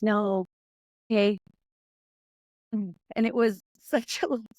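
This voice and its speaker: A woman guest on a podcast, talking fast and acting out her own inner voice as she tells stories. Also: mid-range voice, steady tone, a little mellow, no echo, clean studio sound. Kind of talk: animated conversational storytelling.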